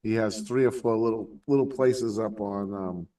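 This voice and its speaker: A man's voice: lowish voice, fairly even intonation, normal speed, mellow. Rambling New man, distant mic. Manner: rambling storyteller, heavy swearing, laughs a lot. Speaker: podcast host. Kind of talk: casual stoner chat with friends.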